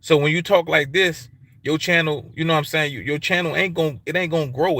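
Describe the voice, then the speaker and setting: A man's voice: a little high, steady tone, a little fast, sharp tone. A man with an African American English accent ranting on his livestream in a casual, profane way, repeating himself for emphasis. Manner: repetitive, emphatic, heavy swearing, street slang. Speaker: YouTube livestream host.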